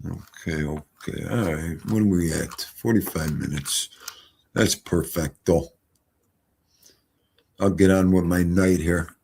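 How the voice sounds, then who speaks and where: A low, gravelly man chats casually on a live stream. He rambles through folksy stories in a husky, raspy tone. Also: slow pace, long pauses, a little mellow.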